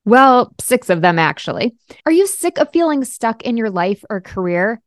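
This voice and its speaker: A middle-aged woman hosting a coaching podcast, upbeat and emphatic, slowing down to stress key points. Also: a little high, big pitch swings, dry recording, clean studio sound. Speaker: podcast host and life coach. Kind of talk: podcast monologue.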